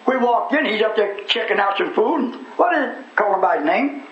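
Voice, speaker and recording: High-voiced preacher in an echoey hall. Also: male voice, lively intonation, a little fast, crowd noise. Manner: folksy, rising to fervent shouting. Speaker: radio preacher. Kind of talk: storytelling sermon. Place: church hall. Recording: echoey hall, muffled, loud congregation.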